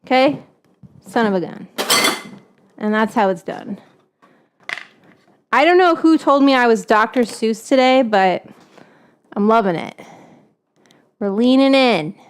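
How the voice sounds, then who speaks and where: A woman's voice: a little high, animated, unhurried, pauses often, a little hiss or hum. Chatty, playful woman hosting a cooking stream. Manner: playful, chatty, self-mocking. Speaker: cooking show host. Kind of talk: casual livestream cooking chat. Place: home kitchen.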